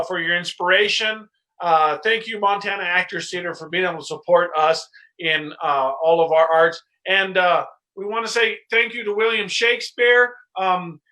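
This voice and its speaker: A man's voice: sits high, bright, forceful tone, rough recording. A man hosting and closing a livestream, upbeat and full of thanks, with fillers. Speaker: host.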